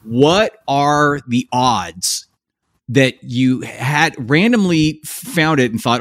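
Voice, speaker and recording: A man's voice: on the high side, lively intonation, slow, fairly bright tone, dry recording, clean studio sound. A man hosting a podcast, reacting to his guest and asking long, rambling questions that restart midway. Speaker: podcast host.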